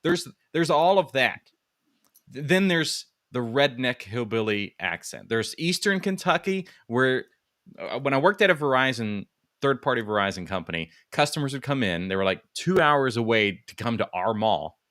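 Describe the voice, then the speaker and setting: A man from West Virginia talks casually with a co-host, his voice bright and forceful. He tells stories in a loose, animated way, with plenty of filler words and quick laughs. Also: medium pitch. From West Virginia, USA. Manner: animated storytelling, laughs often, lots of "like" fillers. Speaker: podcast co-host. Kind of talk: casual chat.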